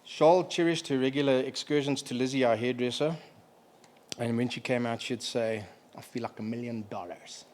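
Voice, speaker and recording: A middle-aged man, mid-range voice, delivers a halting, emotional memorial eulogy for a family member, breaking off to clear his throat. A little hiss or hum runs through the recording.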